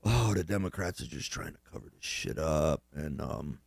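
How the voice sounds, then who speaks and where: A man's voice: rumbling low, animated, normal speed, vocal fry, husky, dry recording. A man co-hosting a casual podcast chat, swearing constantly and rambling, often laughing as he mimics people. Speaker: podcast co-host.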